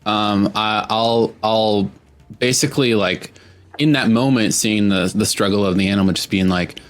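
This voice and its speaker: A man's voice: on the low side, moderate pace. A man playing a tabletop game, talking in a chatty, hesitant way and stepping into his character. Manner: hesitant, chatty, with many restarts. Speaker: player.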